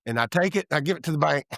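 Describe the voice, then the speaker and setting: A real estate developer from Tennessee in his fifties, a guest in an office-room interview, tells candid stories and acts out the dialogue of people he quotes, often trailing off and starting over. His voice is slightly high and creaky, recorded cleanly with studio quality and no echo.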